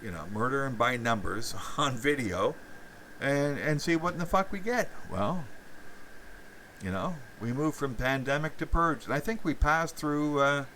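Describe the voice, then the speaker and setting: A man's voice: medium pitch, animated, a little slow, sharp tone, far from the mic, slight background noise, low-quality recording. A man hosting a live stream, rambling profanely with many fillers and restarts while reacting to chat.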